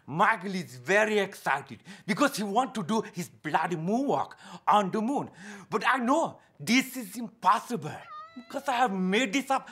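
An eccentric male psychic, rattling off broken English in an excitable, crude patter. His voice is high, bright, and wildly swinging in pitch. He sounds like a showman trying to hypnotize his audience. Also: husky, exaggerated voice. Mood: hypnotic. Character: eccentric male spoon-bending psychic impression.

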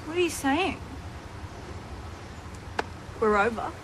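A woman's voice: high-pitched, expressive, takes it slowly, exaggerated voice, low-quality recording. An actress playing a worried, clingy soap-star girlfriend who speaks in a put-on Australian accent. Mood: pleading. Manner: fake Australian accent, pleading. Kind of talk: comedy sketch acting. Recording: loud background noise.

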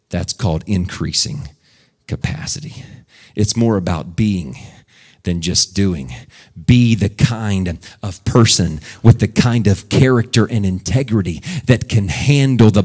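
A pastor preaching a sermon who swings between loud, high shouted lines and hushed, quiet ones, at times mock-praying in a put-on preacher's voice. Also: male voice.

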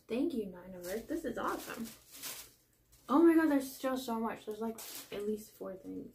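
A woman vlogger chatting casually through an unboxing. She gushes about how cute everything is, apologizes often, and sometimes drops into a soft whisper. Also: a little high, expressive, normal speed, vocal fry, noisy background. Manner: gushing, calls everything cute; self-deprecating, apologizes often.

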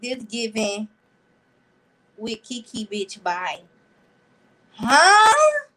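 Bright, chatty woman hosting a livestream. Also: a little high, normal speed, low-quality recording. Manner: chatty and effusive, reads out and answers comments; slangy and animated. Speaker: livestream host. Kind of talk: casual live-stream chat with viewers.

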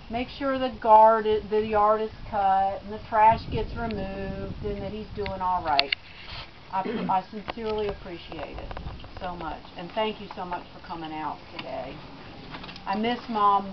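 A middle-aged woman speaks at a memorial, telling family stories and laughing softly. Her voice has an everyday middle pitch. The recording is dull and lo-fi, with a faint hiss. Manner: storytelling with gentle laughs. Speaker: daughter giving a eulogy. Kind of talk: personal eulogy speech.

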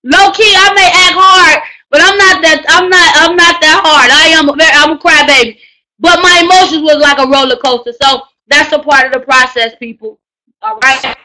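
A woman's voice: sits high, steady tone, normal speed, pushed and bright, low-quality recording. A woman coaching a class of book writers, speaking with emphatic, preachy energy, using slang and often raising her voice to drive points home. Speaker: writing coach teaching a book course. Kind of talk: energetic live class talk.

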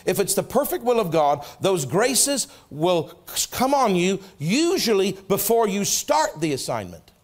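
A middle-aged man, a pastor preaching a sermon in a church, telling a personal story and acting out the dialogue, going soft and low for quoted words. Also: unhurried, few pauses. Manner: animated storytelling, acts out prayers and dialogue, drops soft for quotes. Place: church sanctuary.

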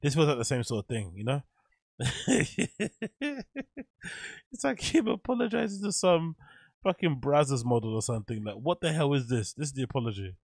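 A man's voice: mid-range voice, sing-song, normal speed, dry recording, studio quality. A man streaming casual reaction commentary, incredulous and laughing often.

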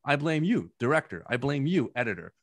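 A man's voice: medium pitch, sing-song, fairly quick, no room sound. A man co-hosting a podcast, giving a blunt, opinionated rant in casual chat. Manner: blunt, opinionated, ranting critic. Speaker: podcast co-host.

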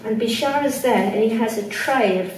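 Woman telling a personal story to a room full of people, kinda high voice, lots of echo, mic way off. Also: moderate pace. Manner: animated, emotional, laughs between lines. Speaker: guest speaker. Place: indoor room with a group of people. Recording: echoey room, far from mic, faint noise.

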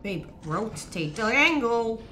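Excitable woman streamer with a lively voice. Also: a little high, takes it slowly, slight background noise. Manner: excitable, shrieks and swears at scares, coaching. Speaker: streamer playing a horror game with partner. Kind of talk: live gameplay chat.

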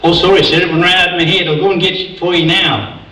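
A man's voice: high voice, fairly even intonation, quick pace, sharp tone, pitched above the performer's own voice. A man voicing a flustered female air hostess who politely apologizes. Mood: apologetic. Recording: echoey theatre from far off.

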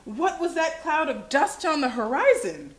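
A woman hosting a children's livestream, reading a picture book aloud with animated expression. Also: high-pitched, a little slow. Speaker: children's show host. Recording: echoey room.

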